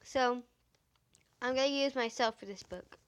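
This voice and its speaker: Squeaky-voiced woman reading a story aloud. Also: clean tone. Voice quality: high, squeaky voice. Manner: halting, stumbling reading with many fillers and restarts. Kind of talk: reading fan fiction aloud.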